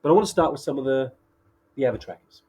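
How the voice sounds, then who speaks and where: A man's voice: mid-range voice, animated, quick pace, darkish tone, husky. A Welsh man co-hosting a casual live-stream chat, chatty and laughing often, with plenty of fillers. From Wales. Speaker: co-host.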